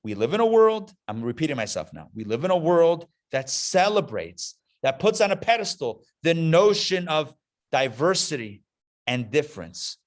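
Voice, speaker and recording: A man's voice: fairly high pitch, sing-song, moderate pace. A man, a rabbi, giving a passionate live lecture, stressing points with emphatic repetition. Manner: passionate, emphatic, repeats key phrases. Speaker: rabbi teaching a class. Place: classroom before a live audience.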